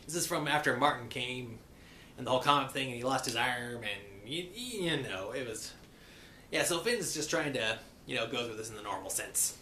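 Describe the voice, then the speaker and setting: A man recapping a cartoon episode in a playful pirate persona, saying "be" for "is" and slipping into quick voices for the characters. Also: medium pitch, animated, pushed and bright. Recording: echoey room with faint hiss.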